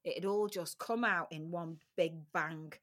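A woman's voice: on the low side, unhurried, a bit bright. A middle-aged woman speaking as a podcast guest, recounting personal experiences frankly and emotionally, often repeating her phrases. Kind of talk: candid personal interview.

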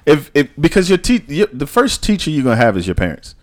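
A man's voice: on the high side, wildly swooping pitch, quick pace. A man co-hosting a podcast who argues his point emphatically in casual chat. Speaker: podcast co-host.

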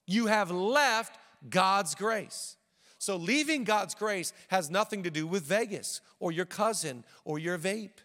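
A man preaching a sermon as pastor, lively, with joking asides and repeated phrases for emphasis. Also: high voice, takes it slowly. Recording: long reverb of a large hall.

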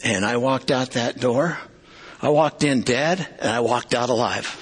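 A middle-aged man preaching a testimony sermon to a congregation, earnest and confessional, with halting restarts. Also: medium pitch, breathy edge.

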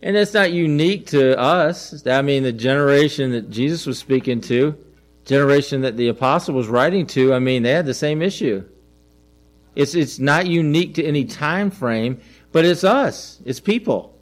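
A man's voice: medium pitch, normal speed. A middle-aged man preaching a conversational sermon as a pastor, asking the listeners questions and repeating his phrases.

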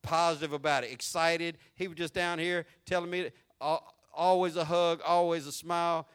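High, bright-voiced preaching pastor. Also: male voice, fairly even intonation, normal speed, clear, resonant tone. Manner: preaching with sweeping shifts between shouted and hushed delivery; folksy and conversational. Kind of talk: sermon.

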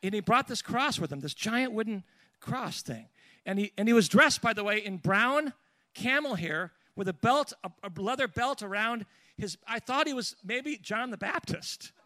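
A man preaching and telling a lively personal story, with restarts and asides along the way. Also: high voice, moderate pace, no echo. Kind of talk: storytelling sermon.

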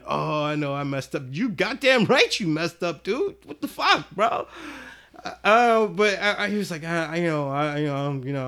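A man telling a rowdy, profane story in casual podcast chat, acting out what people said. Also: on the high side. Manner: animated, profane storyteller who acts out quotes. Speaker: podcast guest.

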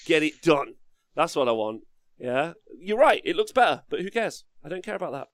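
Brash sweary guy, lively pitch. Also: normal speed, dry recording, clean studio sound. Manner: brash, sweary, mock-ranting. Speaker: podcast co-host. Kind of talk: casual hobby chat.

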